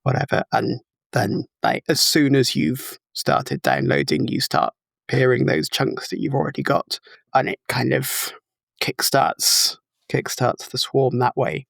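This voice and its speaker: Man, podcast guest, gravelly, dry sound, thoughtful explainer, video call. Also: medium pitch, unhurried, a bit bright, dry recording. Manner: thoughtful, explains step by step with fillers. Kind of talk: casual technical discussion. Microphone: remote video call.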